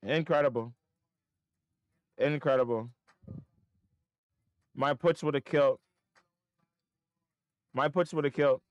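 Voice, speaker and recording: Guy live streaming his trades, smooth dry voice, mutters and swears at himself. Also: mid-range voice, slow, pauses often, dry recording, lo-fi sound. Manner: swings from muttering to frustrated outbursts, swearing; self-critical, talking to himself.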